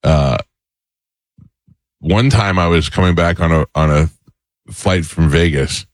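A man's voice: deep voice, takes it slowly, dry recording. A middle-aged man hosting a radio show, telling rambling comic stories in casual banter.

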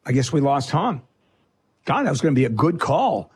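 A man hosting a call-in advice show, blunt and quick with wisecracks. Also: mid-range voice, sing-song, a little mellow, husky. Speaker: radio call-in host.

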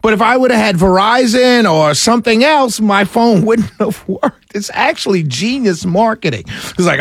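A man's voice: high voice, animated, moderate pace, fairly bright tone, no echo, studio quality. A man from New York City, hosting a casual monologue and chatting through a story with lots of fillers and restarts.

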